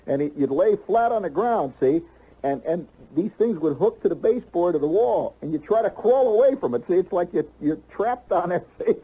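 A man's voice: high-pitched, expressive, normal speed, mellow, breathy edge, low-quality recording. A man telling a long comic story on stage, rambling with lots of "you know" and restarts.

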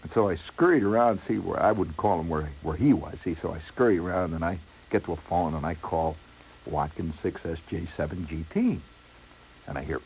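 A man's voice: low voice, brisk, darkish tone, a little hiss or hum, low-quality recording. A middle-aged man telling a comic first-person story in a wry, rambling way with lots of asides. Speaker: radio storyteller.

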